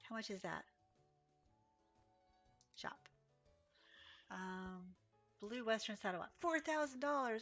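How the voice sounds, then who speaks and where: A woman's voice: a little high, expressive, slow pace, long pauses, a bit bright, faint music behind. A woman live-streaming a horse game, chatting casually with viewers, sleepy and yawning, with little gasps and exclamations. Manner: chatty, reads chat aloud, gasps and exclaims.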